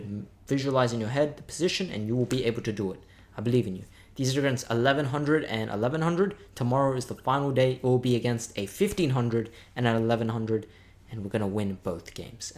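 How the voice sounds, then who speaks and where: A man's voice: mid-range voice, a little mellow. A man, a bit tired, chatting upbeat as a chess content creator and thinking aloud while calling out and muttering his blindfold chess moves.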